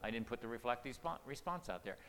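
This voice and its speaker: A man's voice: mid-range voice, animated, fast, fairly bright tone, slight background noise. Older man teaching in a reverberant hall. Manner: earnest, conversational, many restarts and "okay?" check-ins. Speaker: marriage-preparation speaker. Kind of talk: folksy seminar teaching.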